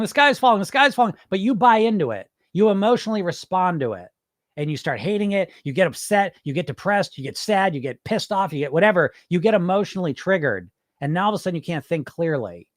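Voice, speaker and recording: A man's voice: on the high side, no echo, clean studio sound. A man hosting a podcast as a weight loss coach, talking bluntly and with swearing, acting out voices in his head. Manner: blunt, animated, swears freely, acts out inner voices. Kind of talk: casual podcast monologue.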